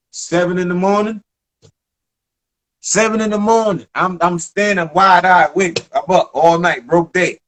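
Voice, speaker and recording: A man in his thirties from the Bronx with a New York accent, telling stories in a casual interview, animated, emphatic and profane. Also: a little high. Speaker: former basketball player, guest.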